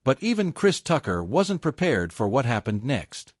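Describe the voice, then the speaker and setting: A man's voice: mid-range voice, very animated, moderate pace, no echo, studio quality. A man giving scripted narration between clips.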